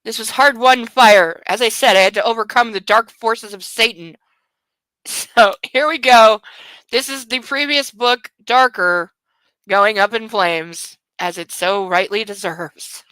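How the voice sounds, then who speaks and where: A woman's voice: a little high, unhurried, pushed and bright, no room sound, poor audio. A woman hosting a book show, chatting casually and laughing at herself. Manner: chatty and self-amused, with frequent laughs. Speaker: host. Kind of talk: casual chat.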